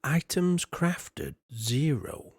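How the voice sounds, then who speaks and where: A man rambling through casual live-stream commentary on a game, chatty and often clearing his throat. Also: fairly high pitch, animated, drawn-out words, dry recording.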